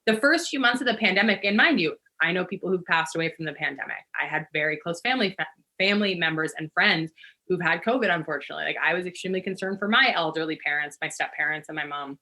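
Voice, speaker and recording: A woman guest on a podcast, a yoga teacher, telling stories in an animated, rambling way full of fillers. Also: on the low side, fast talker. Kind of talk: casual interview conversation.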